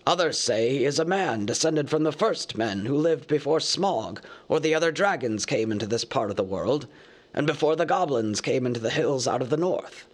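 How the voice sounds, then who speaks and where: A man reading a storybook aloud, voicing Gandalf, an old male wizard who lectures in a measured, easily cross way. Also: medium pitch, expressive, lightly acted. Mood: lecturing.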